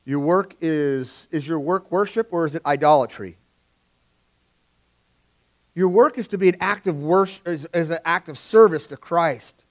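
Middle-aged male pastor, slightly raised pitch, conversational sermon with big swings in loudness. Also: measured pace. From California. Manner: conversational preaching, swings from loud emphasis to quiet.

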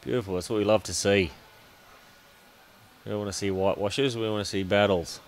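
Aussie commentator bloke, upbeat, lowish pitch, bowls livestream. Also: male voice, fairly even intonation, brisk, slight background noise.

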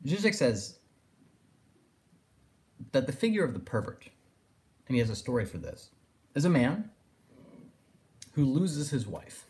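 Male lecturer, discursive and reflective, middle-pitched voice. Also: very animated, measured pace, pauses often, darkish tone. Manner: discursive, thinking aloud with fillers like "in a sense". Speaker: philosophy lecturer. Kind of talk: recorded lecture.

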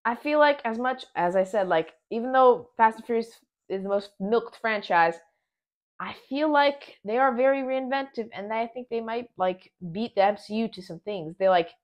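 Excitable rambling woman reviewing a film. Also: a little high, moderate pace, highs cut off. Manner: excitable, rambling, frequent restarts. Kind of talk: casual spoiler review.

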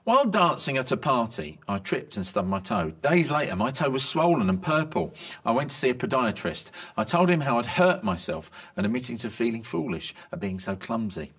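A man reading a string of medical jokes in a lively delivery. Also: mid-range voice, a little fast. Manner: lively joke delivery, bright voices for quoted lines.

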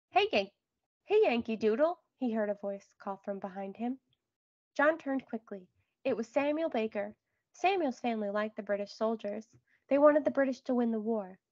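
A woman reading a children's storybook aloud, clear and expressive. Her voice sits somewhat high, and the recording is dry and slightly dull. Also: no room sound. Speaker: read-aloud narrator. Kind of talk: children's book read-aloud.

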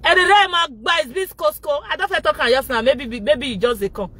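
A Nigerian woman vlogging loudly from inside a car, shouting and laughing as she rants in a casual pidgin-mixed style. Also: high-pitched, a little fast, no room sound. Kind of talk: loud casual vlog rant.

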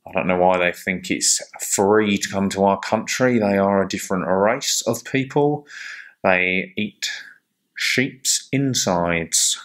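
A man doing a pompous immigration officer. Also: low voice. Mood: self-important. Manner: self-important, slow, deadpan.

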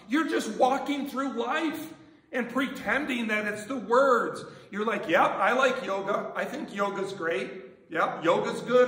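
Male pastor, high and bright voice, conversational sermon full of questions, distant mic in a reverberant church. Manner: conversational preaching with many rhetorical questions. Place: church sanctuary.

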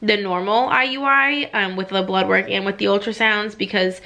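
Chatty young woman with a gravelly edge. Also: mid-range voice, fairly even intonation, moderate pace, bright, forceful tone. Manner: chatty, frequent "like" fillers. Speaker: vlogger. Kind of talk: casual personal vlog. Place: at home.

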